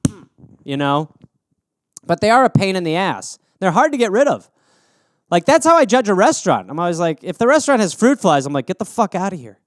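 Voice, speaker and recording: Rambling, foul-mouthed comedy podcast host. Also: male voice, high-pitched, no echo. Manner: rambling, acts out silly voices, swears a lot. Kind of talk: solo comedic riffing on listener suggestions.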